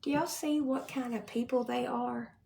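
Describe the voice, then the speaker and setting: A woman's voice: on the high side, fairly even intonation, normal speed, gravelly, darkish tone, echoey room, recorded from a distance, a little hiss or hum. A grieving woman, talking on a livestream, often dropping to a whisper. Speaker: livestream host. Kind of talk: casual livestream talk.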